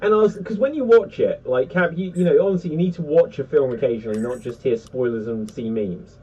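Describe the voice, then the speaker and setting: A man chatting casually on a pop-culture panel, rambling and animated with lots of fillers. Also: medium pitch, brisk, slightly rough. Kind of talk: casual chat. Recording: distant dull lo-fi mic.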